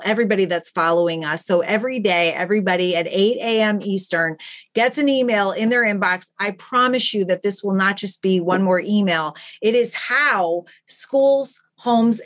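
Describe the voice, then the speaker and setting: A woman guest on a podcast, telling stories in an earnest, animated way about the work she does. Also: mid-range voice. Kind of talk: enthusiastic interview talk.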